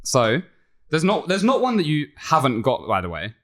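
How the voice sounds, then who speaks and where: A man's voice: on the high side, moderate pace. A man in his twenties with an English accent, co-hosting a podcast and running a lyrics quiz in casual chat, laughing often. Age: 20s. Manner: laughs often, reads lyrics aloud flatly.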